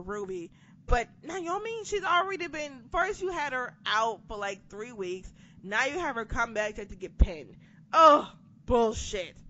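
A woman co-hosting a podcast, chatting casually through a wrestling recap with sarcastic, profane asides. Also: medium pitch. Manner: profane, sarcastic, animated retelling. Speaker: podcast co-host. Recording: dull lo-fi sound with background noise.

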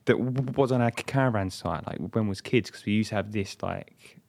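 Young male podcast co-host, lowish voice, stammers and restarts, dry close mic. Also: a little fast, vocal fry, a little mellow, no room sound. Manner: stammering, restarts words often. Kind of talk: casual podcast chat.

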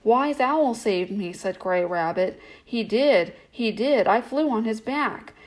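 A woman voicing a brave, gentle little female rabbit in a storybook, with an eager voice pitched higher than her narration. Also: expressive, slow pace. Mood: excited.

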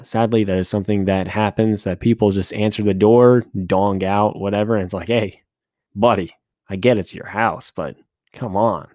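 A man's voice: lowish voice, warm tone, dry recording, clean studio sound. A man hosting a podcast, recapping a movie in a casual, joking way with rambling asides. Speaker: podcast host.

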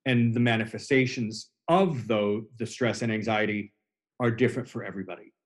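A man's voice: fairly low pitch, a little fast. A man in his forties, a hypnotherapist and coach, explaining his work in an earnest way during a casual podcast conversation. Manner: earnest, explanatory, builds on extended imagery.

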